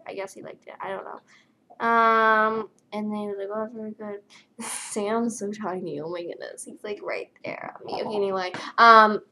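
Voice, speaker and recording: A young woman talks to her camera in a worn-out, flat voice and leans on loose fillers. Her pitch sits in the middle, with a faint hiss of noise behind her. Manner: tired, flat delivery with many fillers. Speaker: vlogger. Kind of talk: casual storytelling vlog.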